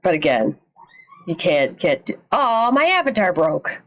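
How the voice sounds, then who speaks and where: A woman's voice: lowish voice, very animated, a little slow, poor audio. Chatty, foul-mouthed woman streamer. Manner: chatty, swears freely, sarcastic asides. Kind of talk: casual live-stream reaction. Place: home streaming setup with green screen.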